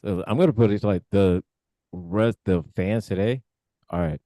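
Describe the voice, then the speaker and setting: Low, dark-voiced laid-back man. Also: normal speed, no echo. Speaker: podcast co-host. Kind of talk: casual wrestling chat.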